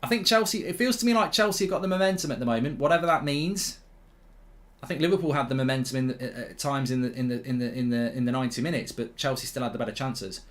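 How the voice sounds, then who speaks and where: A man's voice: medium pitch, fast. A man hosting a live football watchalong, chatting casually, reading viewer comments aloud and often repeating himself.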